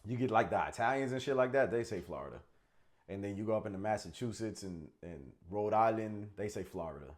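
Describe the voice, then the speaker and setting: Man, Connecticut accent, low voice, joking comedy co-host who swears freely. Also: quick pace, few pauses, a little mellow. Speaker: podcast co-host. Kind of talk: casual chat.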